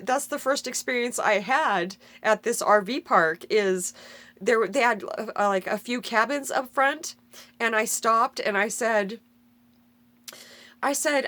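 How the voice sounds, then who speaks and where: A woman's voice: fairly high pitch, fairly bright tone, dry recording. A middle-aged woman telling a heartfelt personal story in an earnest, rambling way, often correcting herself mid-sentence. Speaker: vlogger sharing a personal story.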